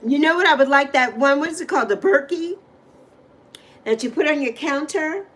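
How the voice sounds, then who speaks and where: A woman's voice: sits high, animated, moderate pace, a bit bright. A woman with a New York accent, raised in the Caribbean, hosting a casual livestream and chatting with viewers by name in a rambling, friendly way. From Bronx, New York, raised on Saint Croix. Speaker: livestream host. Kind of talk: casual livestream chat reading comments.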